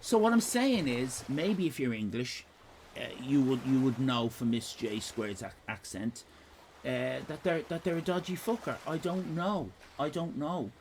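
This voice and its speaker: A man's voice: mid-range voice, moderate pace, darkish tone, a little hiss or hum. An Irish man hosting a live stream in casual chat, rambling from one tangent to the next with jokes and swearing. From Ireland. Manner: rambling, digressive, sweary, jokey.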